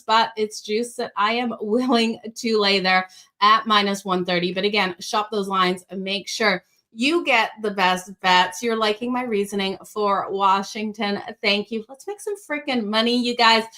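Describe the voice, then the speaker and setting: A woman's voice: on the high side, sharp tone. A woman with a slight Australian accent hosting a sports betting show, giving upbeat picks and talking straight to viewers. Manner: upbeat, addresses viewers directly.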